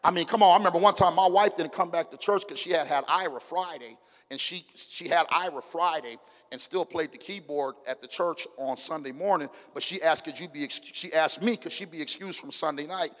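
Pastor with a high voice preaching, churchy reverb. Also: male voice, brisk. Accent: African American Vernacular English. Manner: call-and-response preaching, swings from hushed to shouting. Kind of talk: sermon. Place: church sanctuary. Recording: long hall reverb.

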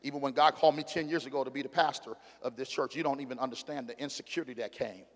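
A man's voice: fairly even intonation, racing. Middle-aged preacher man in a reverberant hall. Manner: preaching with call-and-response, surging from low asides to loud shouted emphasis. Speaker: pastor. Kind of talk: sermon. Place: church sanctuary.

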